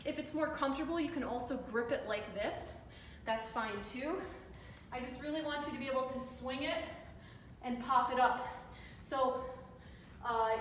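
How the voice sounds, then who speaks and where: A woman's voice: high-pitched, a bit bright, a little hiss or hum. Breathless woman coaching a workout in an echoey room. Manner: upbeat encouraging cues, counting down reps. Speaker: fitness instructor. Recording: echoey room with reverb, mic far off.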